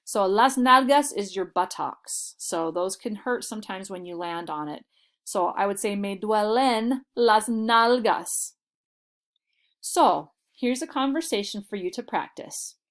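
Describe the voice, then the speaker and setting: A woman teaching a Spanish vocabulary lesson, explaining patiently and saying model phrases slowly and clearly. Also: mid-range voice, animated, fairly bright tone.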